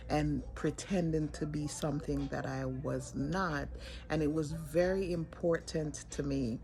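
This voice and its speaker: Older lady with a gravelly voice telling her story, earnest and halting, lots of restarts. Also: low-pitched, a little mellow. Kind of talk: personal storytelling to camera.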